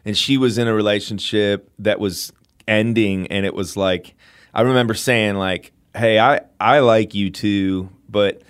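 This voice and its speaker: A man as an interview guest, chatting in an animated way and telling a personal story with lots of fillers. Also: lowish voice, measured pace, clear, resonant tone. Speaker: guest telling how he met his wife. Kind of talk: casual storytelling.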